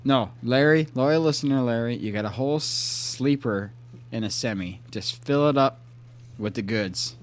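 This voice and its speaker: A man co-hosting a podcast in loud, joking, profane banter. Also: medium pitch, moderate pace. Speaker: podcast co-host. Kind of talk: casual chat.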